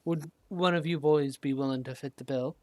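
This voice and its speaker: A woman playing a character in a tabletop game, speaking deliberately. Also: sits low, steady tone, darkish tone, dry recording. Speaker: player. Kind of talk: tabletop role-play.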